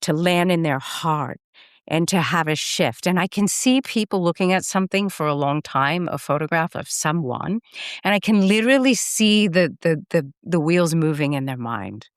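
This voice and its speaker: Earnest woman guest, smooth crisp tone, close dry sound, thoughtful, restarts words. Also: deep voice, lively intonation, moderate pace, dry recording. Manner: earnest, thoughtful, often repeats words while searching. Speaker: guest photographer. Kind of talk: reflective interview answers.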